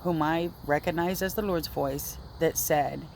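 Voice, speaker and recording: A woman's low, creaky, slightly mellow voice moves at a measured pace against slight background noise. Sitting at home, she gives an earnest religious testimony in a loose, rambling vlog, often restarting what she's saying.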